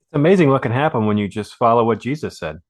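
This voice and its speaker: A male host asking earnest, unhurried questions in an interview. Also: mid-range voice, expressive. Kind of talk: interview hosting.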